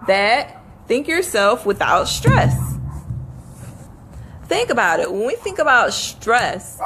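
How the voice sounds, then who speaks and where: Addressing viewers by name, a motivational speaker leads a live talk, earnestly repeating affirmations and laughing a lot. Her voice is slightly high and fairly bright, and the low-quality recording carries a faint hiss or hum.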